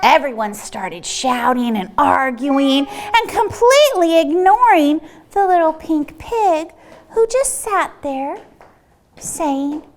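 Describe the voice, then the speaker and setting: A woman reading a picture book aloud at a children's storytime, expressive, with dramatic gasps. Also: high-pitched, slow, slight background noise.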